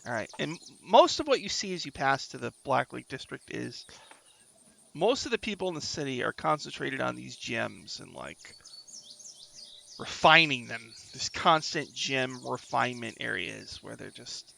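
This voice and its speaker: A man's voice: mid-range voice, big pitch swings, normal speed, vocal fry, bright, forceful tone, a little hiss or hum. A man running a tabletop game as game master, narrating scenes in a laid-back way.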